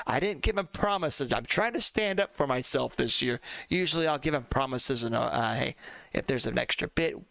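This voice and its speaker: A man's voice: on the high side, moderate pace, creaky, pushed and bright, no echo. A man hosting a let's play who chats loosely and rambles, often calling his viewers folks. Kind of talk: casual gaming commentary.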